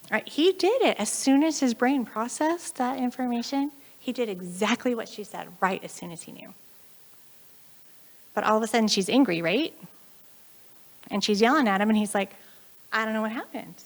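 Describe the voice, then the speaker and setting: A woman with an American accent giving a chatty, animated conference talk, often acting out the voices of the people in her stories. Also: fairly high pitch, moderate pace. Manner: chatty, animated, acts out quoted voices, frequent laughs. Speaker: conference speaker.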